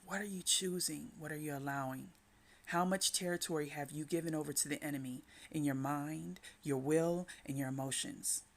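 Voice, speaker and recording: A woman speaking as a Christian inspirational speaker, giving a slow, repetitive devotional talk that urges the listener to breathe and pray. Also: sits low, fairly even intonation.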